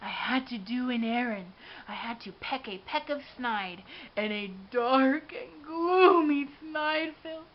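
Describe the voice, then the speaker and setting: A woman giving an expressive, dramatic read-aloud of a children's storybook. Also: sits high, slow. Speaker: storybook reader. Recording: dull lo-fi with faint hiss.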